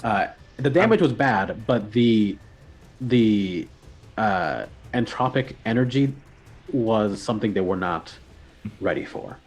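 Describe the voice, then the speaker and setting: A man with a fairly low voice runs a tabletop game as game master. He narrates in a relaxed way and pauses often with fillers. Faint music plays under him.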